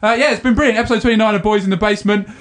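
High-voiced joking man podcaster. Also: fairly even intonation. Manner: jokey, reads headlines slowly. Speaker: podcast co-host. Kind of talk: casual comedy podcast chat.

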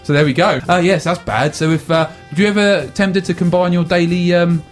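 Male podcast host, higher-pitched, teasing and bossy, faint music underneath. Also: a little fast. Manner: bossy, mock-stern teasing. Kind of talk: comic banter and mock news reading.

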